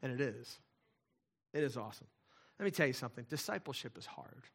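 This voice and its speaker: A man preaching a sermon in a conversational way, dropping to quiet asides and rising to loud, emphatic points. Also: medium pitch, lively intonation, brisk, creaky, breathy edge. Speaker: pastor.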